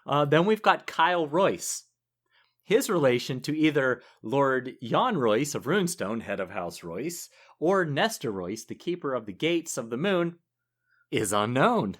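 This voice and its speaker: Male podcast co-host in his forties, lively pitch, chatty and quick to laugh. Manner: chatty, laughs easily, rambling asides. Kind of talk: casual chat.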